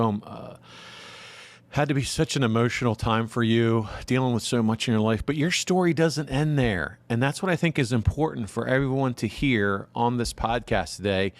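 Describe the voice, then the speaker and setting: A man hosting a podcast, responding to his guest in a warm, supportive way with faith-inflected remarks. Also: medium pitch, no echo. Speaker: podcast host. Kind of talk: interview hosting.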